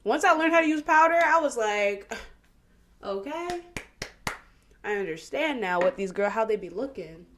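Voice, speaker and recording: A young woman does her makeup at home while hosting a laid-back get-ready-with-me podcast in a relaxed Black, mid-pitched voice. Her storytelling bursts with laughter and long exclamations, broken up by quieter asides mid-application. The room is echoey, with slight background noise.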